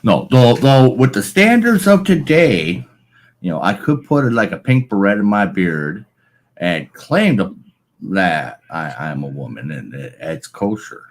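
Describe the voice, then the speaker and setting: This live stream guest has a lowish voice with big pitch swings and an unhurried delivery. He rambles through a casual chat full of filler phrases, talking into a large studio microphone.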